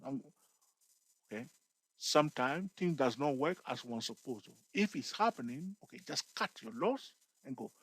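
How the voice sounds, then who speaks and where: A man's voice: medium pitch, normal speed, husky, no room sound, poor audio. A man giving a casual investing tutorial, often checking in with "okay" and "all right" and joking with viewers. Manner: repetitive, peppers talk with "okay" and "all right"; lively, jokes with viewers.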